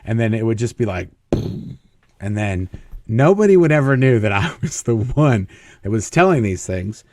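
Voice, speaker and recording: A man's voice: lowish voice, big pitch swings, moderate pace, darkish tone, dry recording. Man, interview guest, casual anecdotes, chuckles, acts out quotes; dry close sound. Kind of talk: casual storytelling.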